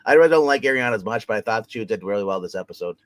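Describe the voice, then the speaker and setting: A man's voice: fairly low pitch, lively intonation, very fast, no room sound. A man co-hosting a casual TV review chat, recapping episodes in a rambling way full of repeats and fillers. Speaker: co-host reviewing a TV show.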